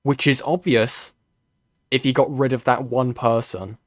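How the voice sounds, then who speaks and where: A man's voice: mid-range voice, steady tone, a little slow, no room sound. A young British man streaming reaction commentary, rambling and swearing, full of fillers and restarts.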